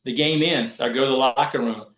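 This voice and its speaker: Speaking a little fast in a mid-range voice, this Southwest Virginia man recounts his experiences as a college basketball referee on a relaxed podcast. He's animated and mimics the people he quotes, while the audio sounds roomy and rough.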